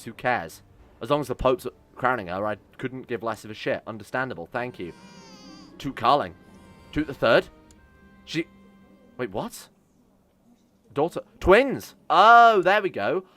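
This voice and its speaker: A man's voice: medium pitch, a bit bright. A man commentating his own strategy game play, reading event text aloud and reacting with sarcasm and swearing. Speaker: let's-play host.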